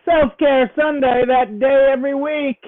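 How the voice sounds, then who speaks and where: A man's voice: extremely high pitch, flat delivery, unhurried, slight background noise. A man hosting a casual live stream for store owners, upbeat and cheerleading, repeating his phrases and playing up a southern twang. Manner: playfully putting on a southern twang. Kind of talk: casual live stream chat greeting viewers. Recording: tinny phone-like sound.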